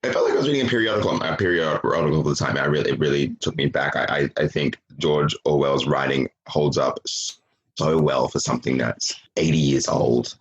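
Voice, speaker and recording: A man with an extremely deep, husky voice chats casually about a book on a podcast. He hesitates often and restarts his sentences. He talks from his home. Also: brisk, highs cut off. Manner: hesitant, many restarts and laughs. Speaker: podcast panelist.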